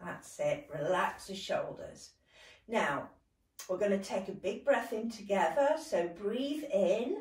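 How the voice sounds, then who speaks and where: A young British woman leading a gentle seated movement session. She laughs often and talks in an encouraging way. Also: medium pitch, lively intonation, slow pace. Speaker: dance and movement workshop leader. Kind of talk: gentle guided exercise session. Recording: echoey room, voice from a distance.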